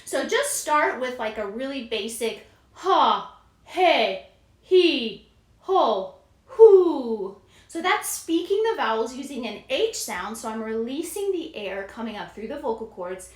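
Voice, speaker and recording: A woman vocal coach giving a singing lesson, explaining clearly and demonstrating sounds in a friendly way. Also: fairly high pitch, sing-song, moderate pace, hardly any pauses. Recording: roomy echo.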